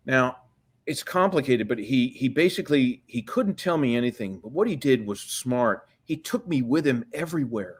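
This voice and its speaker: A man's voice: mid-range voice, expressive, moderate pace, slightly rough. Rambling profane older man. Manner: profane, rambling, restarts often. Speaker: guest. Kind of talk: storytelling interview.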